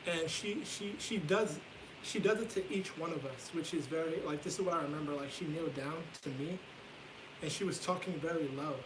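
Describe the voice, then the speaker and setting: A man's voice: a little high, fairly quick, noisy background. A young man vlogging a casual storytime from his bedroom, candid and rambling, swearing freely as he talks.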